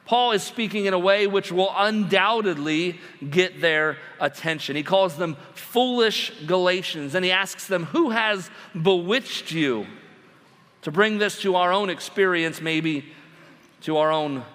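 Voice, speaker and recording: Pastor, male, high voice, emphatic sermon delivery, long church reverb. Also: measured pace, fairly bright tone. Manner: emphatic, asks the congregation rhetorical questions. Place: church sanctuary.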